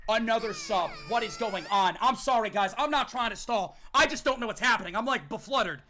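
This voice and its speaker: A young man streaming a video game live, talking excitedly to his chat and often shouting in disbelief. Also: high-pitched. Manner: hyped, shouting at chat, rapid exclamations. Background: game music.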